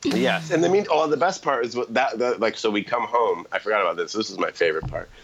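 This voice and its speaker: Deep-voiced middle-aged man spinning a loose, laughing anecdote for a podcast. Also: quick pace, fairly bright tone, highs cut off, a little hiss or hum. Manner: rambling, self-correcting, laughing anecdotes. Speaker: podcast storyteller. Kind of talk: casual storytelling chat.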